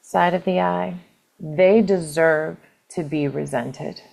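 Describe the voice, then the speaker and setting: A woman leading a guided EFT tapping session, calling out tapping points in a slow, gentle, repetitive way. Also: lowish voice, gravelly.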